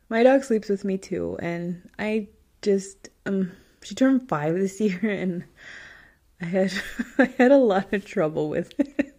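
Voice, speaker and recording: A woman's voice: mid-range voice, expressive, takes it slowly, mellow. A woman hosting a podcast, reading listener stories in a casual, chatty way, often laughing and getting tearful. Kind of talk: casual chat.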